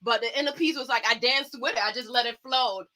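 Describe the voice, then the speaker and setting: A woman's voice: on the high side, fast, bright, forceful tone. A woman guest, a dancer, talking in an earnest, uplifting way and telling stories with animation on a talk series. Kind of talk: casual talk show chat.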